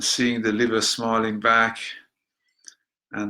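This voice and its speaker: A man teaching a guided healing meditation, gentle and unhurried, dropping to soft spoken affirmations and breaking off for chatty, joking asides. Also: medium pitch.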